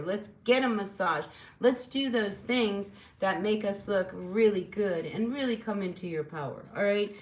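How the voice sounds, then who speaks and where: Brief: woman tarot reader, mid-pitched, talking casually and warmly to her viewers. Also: rough recording. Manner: chatty, rambling, encouraging, with frequent fillers. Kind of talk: casual spoken tarot reading.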